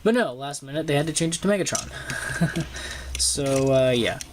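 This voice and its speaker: Filming a toy close up at his desk at home, a young man gives a casual, stumbling review peppered with ums and uhs. He has a fairly high pitch, and the camera's own mic picks up a little hiss or hum.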